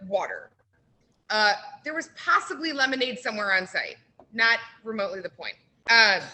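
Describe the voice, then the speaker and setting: A woman on a radio show tells a story with a high voice that jumps up and down. She sounds bright and sharp. She fills her talk with "like" and acts out what people said. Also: rough recording. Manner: lively storyteller, heavy use of "like". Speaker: brewery guest. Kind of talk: animated anecdote on radio. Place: radio studio.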